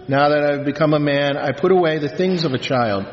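A man, a priest, reading scripture and preaching a sermon in a solemn, measured way in a church. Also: on the high side, slight background noise. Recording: reverberant church, dull lo-fi sound.

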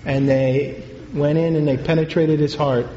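A man, a priest, telling a story in a sermon, in an unhurried, halting way with pauses and fillers. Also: fairly high pitch, steady tone, warm tone, slight background noise. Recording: echoey hall, dull lo-fi sound.

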